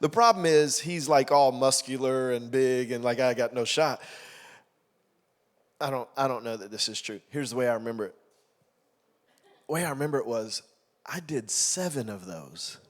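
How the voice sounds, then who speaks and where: Animated male pastor in a reverberant hall. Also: mid-range voice, normal speed, long pauses. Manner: animated storytelling, acts out quotes loudly. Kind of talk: sermon with a personal story. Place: church auditorium. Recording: long reverb of a church hall.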